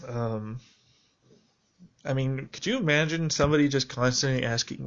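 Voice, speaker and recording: A man with a mid-range, fairly bright voice talks through a reflective personal video journal, rambling and halting with many fillers. The recording's highs are cut off.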